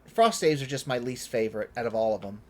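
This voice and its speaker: A man's voice: medium pitch, fast talker. A man casually commenting as he plays a game on stream, thinking aloud about his setup. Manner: relaxed, chatty, thinking aloud while playing. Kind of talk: casual let's-play commentary.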